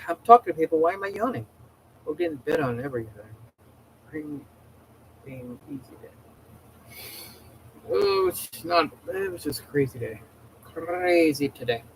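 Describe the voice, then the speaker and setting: Man, livestream host, casual rambling chat, mid-pitched voice, slight background hiss. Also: rough recording. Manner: rambling, chatty, many restarts.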